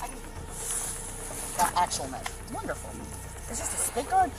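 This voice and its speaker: A woman's voice: a little high, wildly swooping pitch, background noise. Sarcastic rambling woman in her late twenties. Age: late 20s. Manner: sarcastic, rambling, fast-talking. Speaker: woman being arrested. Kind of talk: rambling bodycam talk. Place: outdoors by a police car. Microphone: officer's body camera.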